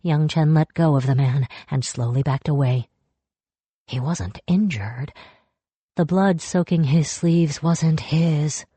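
Low, mellow woman narrating a story. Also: takes it slowly, husky, no echo. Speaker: audiobook narrator. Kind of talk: scripted narration.

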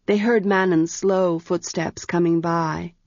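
A woman narrating a storybook aloud in a measured, even way. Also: lowish voice, no echo. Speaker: audiobook narrator. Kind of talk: scripted narration. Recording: dull, dry audiobook recording.

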